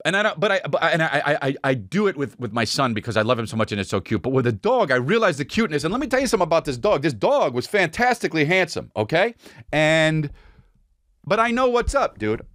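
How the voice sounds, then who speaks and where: A man riffs through a crude comic story on his podcast, his voice swinging widely in pitch. He sits a little high for a man and keeps dropping into goofy impressions. The sound is dry and close. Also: fast talker, no echo. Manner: animated, crude, jumps into goofy character voices. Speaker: podcast host. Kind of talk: comedic storytelling monologue.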